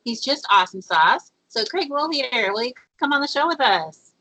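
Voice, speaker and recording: A woman's voice: sits high, big pitch swings, normal speed, bright, forceful tone, rough recording. A woman with an Upper Midwest accent hosting a casual radio talk show, chatty and upbeat, with plenty of filler words. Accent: Upper Midwest American. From Fargo, North Dakota area.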